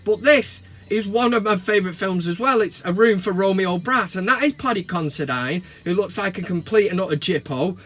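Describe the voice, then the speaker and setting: A middle-aged man from England with a Mancunian accent, ranting and joking to camera from his van, bursting into mock shouts. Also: sits high, expressive, moderate pace, few pauses. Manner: swears and mock-shouts in outbursts. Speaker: vlogger. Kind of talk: casual comedic rant to camera. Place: parked van cab.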